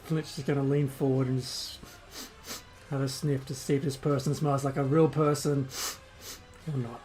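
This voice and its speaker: A man's voice: mid-range voice, little pitch movement, moderate pace, darkish tone, faint music behind. A man playing a tabletop game who speaks partly in character for his dwarf. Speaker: player.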